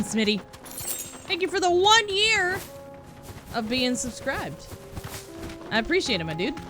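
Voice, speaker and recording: A woman streaming a game and commenting casually, profane and playful, with sudden loud outbursts. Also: high voice, big pitch swings, slow pace, pauses often. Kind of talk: live gameplay commentary. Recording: game music underneath.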